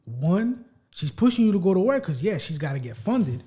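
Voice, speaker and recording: A man's voice: high voice, sing-song, normal speed, mellow. A man co-hosting a casual podcast chat, blunt and teasing, cursing freely as he pushes his friend. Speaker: podcast co-host.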